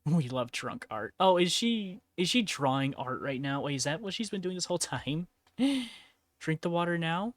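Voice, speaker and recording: A woman's voice: low-pitched, expressive, moderate pace. A woman streaming in casual chat while painting miniatures, laid-back, laughing often and swearing freely. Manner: laid-back, giggly and profane.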